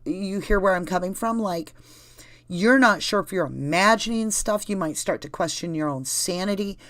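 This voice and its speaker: Speaking in a mid-range, fairly bright voice at a moderate pace, this Southern US woman chats loosely with her livestream audience. She's the channel host reading live chat, talking directly to viewers in a rambling, conversational way, and the recording is dry.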